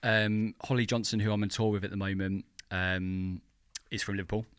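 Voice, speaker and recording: A man's voice: on the low side, flat delivery, moderate pace, a bit bright, clear, resonant tone, dry recording. A man co-hosting a podcast, chatty and enthusiastic in casual talk. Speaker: podcast co-host, touring drummer. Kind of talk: casual chat.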